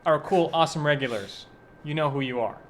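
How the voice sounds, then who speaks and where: A man's voice: a little high, brisk, a bit bright, slight background noise. A man co-hosting a casual podcast, joking and self-deprecating as he explains a promotion. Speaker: podcast co-host.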